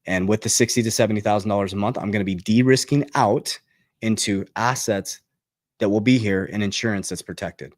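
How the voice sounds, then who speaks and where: A man's voice: brisk, no room sound, studio quality. A man hosting a finance channel, giving a motivational talk about investing. He is emphatic and repetitive, gets fired up, and keeps checking in with "okay?". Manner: gets fired up, pitch jumps on punchlines. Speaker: crypto and investing channel host.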